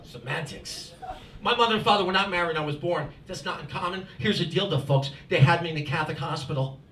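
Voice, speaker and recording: New stand-up guy, high voice, chatty crowd-work, roomy club mic with laughter behind. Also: quick pace, far from the mic, background noise. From New Jersey, US. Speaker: stand-up comedian. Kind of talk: stand-up set. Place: comedy club with live audience.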